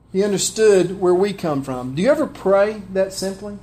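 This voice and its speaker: A man's voice: high voice, animated, moderate pace, hardly any pauses, warm tone. A man preaching a sermon, conversational and heartfelt, often asking his listeners questions. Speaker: pastor.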